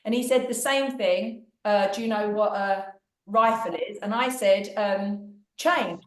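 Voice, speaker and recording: A woman's voice: medium pitch, measured pace, reverberant, distant mic. A woman guest speaking at an event, telling chatty anecdotes about her comedy sketches. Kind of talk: anecdotal storytelling.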